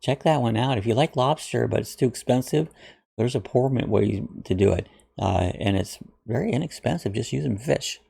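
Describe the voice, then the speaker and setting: A man's voice: mid-range voice, normal speed, creaky, dark tone. A man from Ohio hosting his channel, casually chatting through viewer comments with lots of uhs and restarts. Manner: rambling, friendly, with frequent uhs and restarts. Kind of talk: casual chat.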